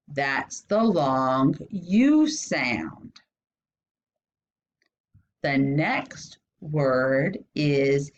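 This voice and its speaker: Slow, patient woman teaching phonics. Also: very animated. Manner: stretches out and sounds out each vowel, asks questions with rising pitch. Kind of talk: slow instructional phonics lesson. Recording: dull lo-fi sound.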